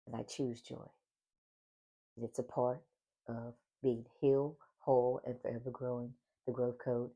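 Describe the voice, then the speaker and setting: Gravelly, warm-voiced man hosting a faith podcast. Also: medium pitch, flat delivery, unhurried, lo-fi sound. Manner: repeats affirmations, speaks with a smile in the voice. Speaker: podcast host. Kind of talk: solo faith-based encouragement monologue.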